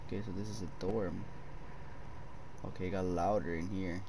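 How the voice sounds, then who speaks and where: A man's voice: deep voice, steady tone, moderate pace, vocal fry, noisy background. A young man commenting on a horror game for viewers, swearing a lot, jumpy, and addressing them as boys. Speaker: gaming streamer.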